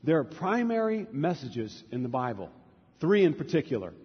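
Husky-voiced man preaching in a hall. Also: on the high side, sing-song, moderate pace. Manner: storytelling, repeats key words for emphasis. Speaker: pastor. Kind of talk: sermon. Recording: reverberant church hall, dull lo-fi.

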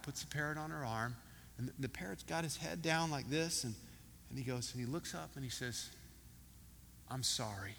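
A man preaching in a church with a bright, forceful voice that sits a little high. He talks in a loose, conversational way, repeating words and leaning on fillers. The sound carries a long reverb with faint room ambience. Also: gravelly, slight background noise. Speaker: pastor. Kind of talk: sermon with a told joke. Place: church hall.

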